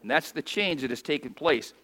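Man, pastor, high voice, bright tone, emphatic sermon, long hall echo. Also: expressive, fairly quick. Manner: emphatic preaching, has congregation repeat lines; reads scripture aloud in archaic wording.

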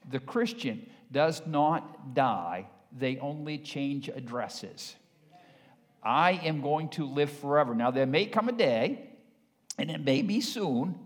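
An older man delivers a sermon with a slightly raised pitch. He swings from quiet, confiding lines to loud, fervent appeals. His voice carries a long reverb, as in a large church hall. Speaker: pastor.

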